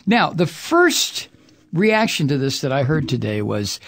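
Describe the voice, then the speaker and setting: A man's voice: on the high side, sing-song, a little slow, gravelly, fairly bright tone. A man hosting a political talk show, delivering an angry, profane and sarcastic monologue, drawing out words for emphasis. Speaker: political talk radio host.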